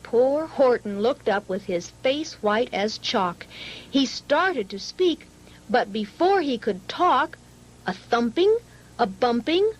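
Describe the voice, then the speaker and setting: A woman reading a rhyming children's story aloud in an expressive, singsong storytelling manner. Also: fairly high pitch, slow pace, poor audio.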